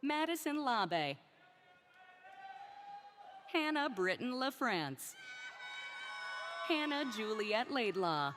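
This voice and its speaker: Brief: female name reader at a graduation, slow, lilting delivery, loud crowd and noise behind. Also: on the high side, big pitch swings. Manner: slow, careful name reading. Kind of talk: reading graduates' names at a ceremony. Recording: crowd and noise of a large ceremony.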